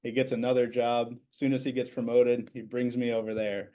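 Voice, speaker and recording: A talkative man in his thirties tells stories as a podcast guest. His voice sits at a middle pitch. He talks casually, restarts his sentences and leans on fillers. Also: flat delivery, a little fast, mellow. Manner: chatty, repeats words at starts, many fillers. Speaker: business owner, podcast guest. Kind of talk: casual interview storytelling.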